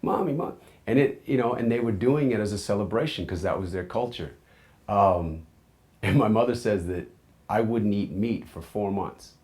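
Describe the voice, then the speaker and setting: A man in his forties with a very low, deep voice tells his own life story. He speaks candidly and reflectively, and often sinks into quiet, low asides. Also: moderate pace. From United States. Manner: earnest, candid, drops into soft low asides.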